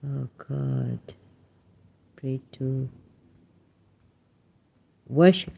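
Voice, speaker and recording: Casual stream host, woman, middle-aged; unhurried, mellow tone, emphatic with fillers. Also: extremely low pitch, gravelly, slight background noise. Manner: animated, emphatic, frequent fillers. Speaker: livestream host reading chat. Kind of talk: casual livestream commentary.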